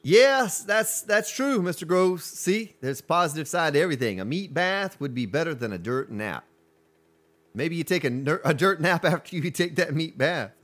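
A man with a deep voice streaming a survival game, chatting casually and greeting viewers from chat. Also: expressive, moderate pace, fairly bright tone. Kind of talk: casual live-stream commentary.

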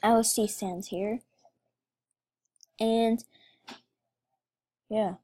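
A gaming video creator, a woman, gives emotional let's play commentary, talking to her viewers as she plays. Her voice is medium-pitched, steady, mellow and slightly rough, and she draws out her words.

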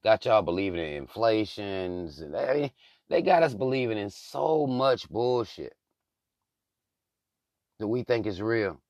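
A man's voice: on the low side, animated, unhurried, pauses often, a little mellow, no echo, dull audio. A man hosting his own channel, giving blunt, profane, heated political commentary in a casual rant. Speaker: channel host.

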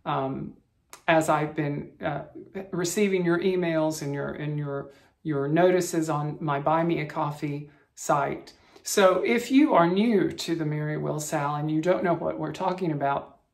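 Woman hosting a stitching vlog, deep voice with lots of fry, chatty and rambly. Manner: friendly, chatty, with frequent restarts and soft laughs. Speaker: cross-stitch vlogger host. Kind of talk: casual chat to viewers. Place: bedroom at home.

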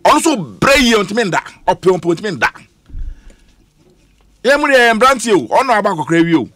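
A man's voice: sits high, very animated, moderate pace, a bit bright, dry recording. A man with a Ghanaian accent speaking emphatically on a radio panel, switching between English and Twi. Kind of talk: heated radio panel discussion. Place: radio studio.

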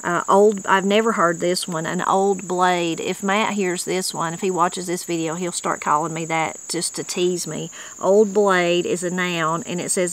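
A woman from Appalachia, western North Carolina, hosts a casual talk on regional words, speaking at a moderate pace with hardly any pauses in a fairly low voice with fairly even intonation. Her accent and manner are folksy and conversational, she sometimes reads dictionary entries out loud, and the recording is rough.

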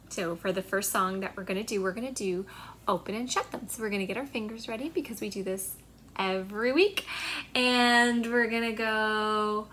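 A woman's voice: mid-range voice, fairly even intonation, normal speed, fairly bright tone, a little hiss or hum. A young woman, a children's librarian, cheerfully talking young children through a storytime.

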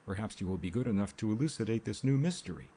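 Brief: male narrator as a baffled young gent, dryly indignant, slightly raised, husky. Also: fairly low pitch, lively intonation, fast, dark tone. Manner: ironic, indignant, articulate. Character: baffled, exasperated young gentleman.

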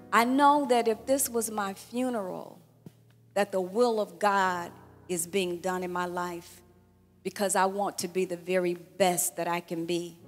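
Pastor woman, 60s, warm storytelling thank-you speech; long hall reverb, soft music under. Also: on the low side. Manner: warm storytelling with laughter, acting out dialogue. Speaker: pastor celebrating her birthday. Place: church hall event.

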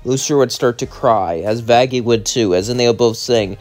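A man's voice: mid-range voice, brisk, darkish tone, faint music behind. A young man narrating a fan story and chatting casually as channel host. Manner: rambling, casual.

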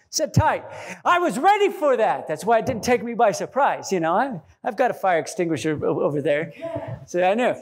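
A man pastor delivering a sermon in a church, animated and joking, acting out quotes. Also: extremely high pitch, husky. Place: church sanctuary.

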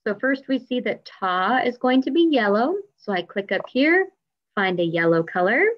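A woman's voice: medium pitch, expressive, moderate pace, lo-fi sound. A woman music teacher leading a lesson for young children, singing and talking in an upbeat, encouraging way.

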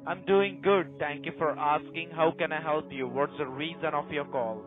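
Male call-center scammer, slightly high voice, curt and insulting, tinny line. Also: fairly even intonation, normal speed. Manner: scripted greeting turning to angry insults. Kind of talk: heated phone argument. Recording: tinny phone line, faint music.

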